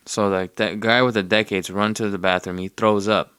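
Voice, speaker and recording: A man's voice: on the low side, little pitch movement, moderate pace, a bit bright, clean tone, no echo, clean studio sound. A man casually retelling a movie plot in a rambling, profane way, with streetwise slang. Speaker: podcast host.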